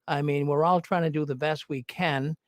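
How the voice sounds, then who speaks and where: A man's voice: a little high, steady tone, normal speed, no room sound, clean studio sound. A man hosting a call-in show, talking in a folksy way and often repeating his words. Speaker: host.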